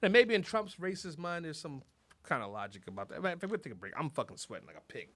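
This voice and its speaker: Lively high-voiced man. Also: quick pace, dry recording. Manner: animated, rambling, profane, laughs a lot. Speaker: podcast host. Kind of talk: casual comedic chat.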